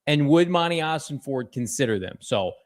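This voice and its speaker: A man with a slightly higher voice hosts a casual sports podcast. He talks with energy, reading fan messages aloud and teasing his co-host. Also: expressive, normal speed.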